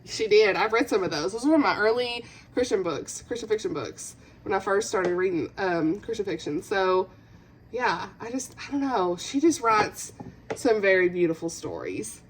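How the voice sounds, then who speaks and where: A woman's voice: medium pitch, lively intonation, normal speed, a little hiss or hum. A woman chatting in a reading vlog, emotional and gushing, laughing through tears. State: teary, voice breaking. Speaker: book vlogger. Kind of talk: casual reading vlog chat.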